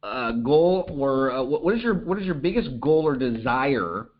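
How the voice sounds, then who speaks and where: A middle-aged man coaching business owners in an energetic talk, checking in with "okay?" and acting out short phone calls. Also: medium pitch, moderate pace. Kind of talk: coaching talk to an online audience. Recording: dull lo-fi audio.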